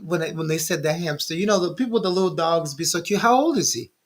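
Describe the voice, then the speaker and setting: A woman's voice: lowish voice, expressive, fast. A woman co-host in a casual chat, making playful, teasing interjections.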